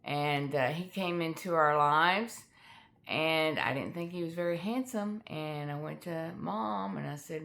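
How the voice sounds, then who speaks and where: A middle-aged woman telling a personal family story in a candid, halting way with many fillers. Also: sits low, vocal fry, a bit bright. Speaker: author sharing her life story.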